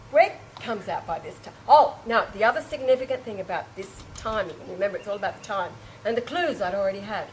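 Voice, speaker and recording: A woman telling an emotional personal anecdote to a small group, animated and exclamatory, with frequent restarts and laughing or tearful breaks. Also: mid-range voice, fairly quick, a little hiss or hum, rough recording. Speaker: storyteller recounting an experience to a small group.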